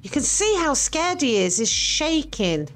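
A woman's voice: high-pitched, big pitch swings, measured pace. A woman reacting to a ghost hunt video, jittery, exclaiming and swearing, rambling when nervous.

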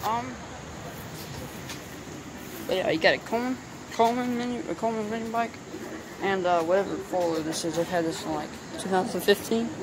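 A man's voice: sits high, fairly even intonation, fairly quick, long pauses. Rambling young guy vlogging, noisy recording. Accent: light Southern US. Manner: rambling, lots of "like" fillers. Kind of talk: casual vlog chat. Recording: noisy home video.

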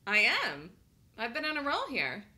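A woman's voice: fairly high pitch, sing-song, normal speed, bright, forceful tone. A woman hosting a live day trading room, chatting casually, laughing often and thinking aloud as she calls trades.

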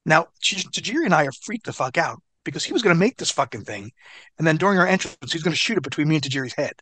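A man who is a guest in an interview, telling a story in an animated, profane way. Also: a little high, fast talker, no room sound.

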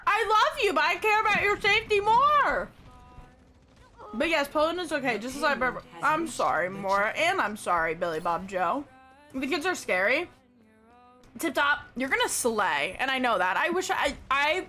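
A young woman streaming a game live, bubbly and giggly, chatting to viewers and now and then bursting into excited shouts. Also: on the high side, fairly quick. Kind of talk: live gaming stream chat. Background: game music.

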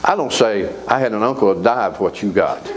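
A man preaching a sermon in a church, folksy and animated, asking the congregation to answer back. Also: on the low side, fairly quick, poor audio. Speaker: pastor. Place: church sanctuary.

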